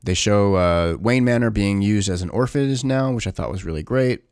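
A man's voice: lowish voice, moderate pace, a little mellow, clear, resonant tone, no echo, clean studio sound. A man casually recapping a movie plot, rambling and sarcastic with lots of fillers. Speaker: movie reviewer.

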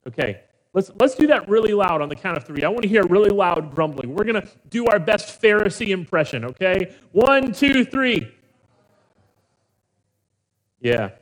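A man preaching a sermon as pastor, with dramatic pauses, hushed low passages and rousing calls to the congregation. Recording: long hall reverb.

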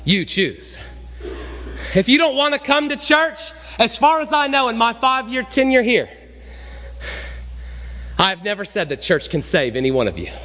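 A man preaches from the pulpit, his tone high and sweeping up and down. He presses his points hard, then drops to a hush. His voice rings out with the long reverb of a church sanctuary. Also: sing-song, measured pace, pauses often. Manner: emphatic, swinging between raised and hushed delivery. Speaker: pastor. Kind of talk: sermon.

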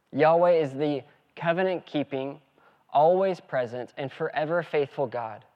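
A man preaching a sermon as pastor, earnest and steady, also leading a spoken prayer. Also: on the high side, lo-fi sound.

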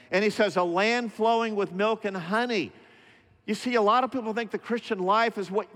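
Preaching man in a reverberant hall. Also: a little high. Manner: emphatic repetition, rising to forceful declarations. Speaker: pastor. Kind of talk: sermon. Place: church sanctuary.

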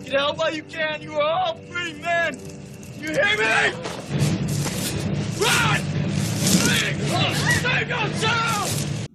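A man putting on a frantic, shouting man who frees his workers, in a strained high voice over music. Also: steady tone, drawn-out words, pauses often, crowd noise, full character voice.

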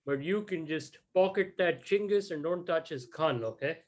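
A man putting on an easygoing, chatty bro with a Hinglish accent, his voice pitched a touch higher than most men's. He spins deadpan jokes into an improvised comedy story and tosses "bro" into nearly every line. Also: moderate pace, lightly acted. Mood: laid-back. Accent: Indian English. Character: laid-back bro-talking male traveler Jay. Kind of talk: improvised comedy role-play.

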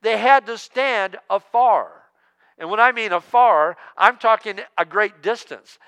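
High, bright-voiced preacher in his 60s. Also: a little slow, smooth, big-room sound. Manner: animated, joking and emphatic, swinging from loud to hushed. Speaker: pastor. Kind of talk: sermon.

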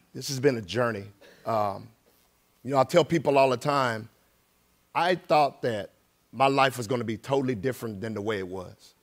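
A middle-aged man, a guest preacher, speaking in a church in a plain, conversational way that grows more emphatic as he reads scripture. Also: medium pitch. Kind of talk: sermon with prayer and scripture reading. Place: church sanctuary.

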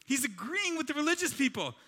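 A man preaching a sermon in an animated, conversational way, acting out quotes. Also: extremely high pitch, fast, big-room sound. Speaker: pastor.

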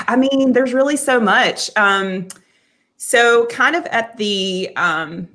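A woman's voice: a little high, slow, sharp tone. A woman co-hosting a casual Christian podcast discussion, talking earnestly and reading quotes aloud carefully. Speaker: podcast co-host.

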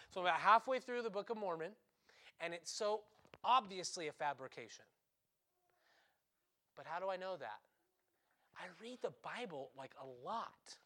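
A male priest giving a conversational sermon, swinging between loud, urgent emphasis and hushed intensity, with chatty asides. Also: sits high.

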